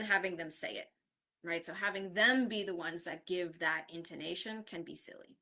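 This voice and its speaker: Bright-voiced woman presenting a teaching workshop. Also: medium pitch. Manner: explanatory, checks in with frequent "right?". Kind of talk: online conference workshop presentation.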